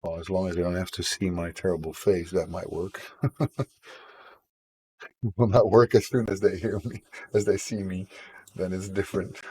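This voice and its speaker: A man talks loosely to his live-stream viewers as he draws, joking at his own expense. His voice sits very low and comes out husky from a sore throat. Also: little pitch movement, normal speed, pauses often, dark tone, poor audio. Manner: self-deprecating, chats with viewers while drawing. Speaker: game developer streaming his work. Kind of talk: casual live stream chat.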